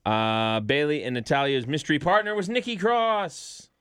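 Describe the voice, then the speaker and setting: A man hosting a podcast, recapping matches in a steady, matter-of-fact casual chat with fillers. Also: on the high side, normal speed, clean tone, no echo. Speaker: podcast host.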